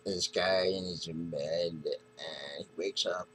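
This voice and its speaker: A man's voice: sits low, fairly even intonation, takes it slowly, background noise. A man casually reviewing a comic book, retelling the story in a rambling, hesitant way.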